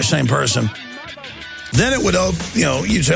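Gravelly, ranting male radio host. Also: fairly high pitch, sing-song, normal speed, over loud music. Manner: intense, ranting, combative. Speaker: radio talk show host. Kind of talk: talk radio monologue.

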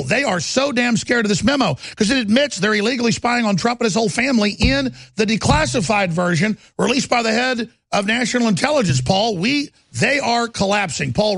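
Male host, gravelly and high, emphatic and indignant, dry close sound. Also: expressive, fairly bright tone, dry recording. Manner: emphatic, indignant, rapid-fire. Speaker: talk show host. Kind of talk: heated political talk radio.

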